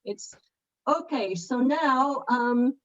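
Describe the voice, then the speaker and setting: Fairly high-voiced woman running a zoom event, lots of ums, dull lo-fi call audio. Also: lively intonation, a bit bright. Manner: halting, full of fillers while fixing settings. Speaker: event host. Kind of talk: online meeting moderation. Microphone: video call.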